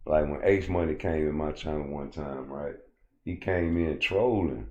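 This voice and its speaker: A man's voice: sits low, normal speed, darkish tone. A man hosting a casual livestream, rambling and cursing as he answers chat comments. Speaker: livestream host.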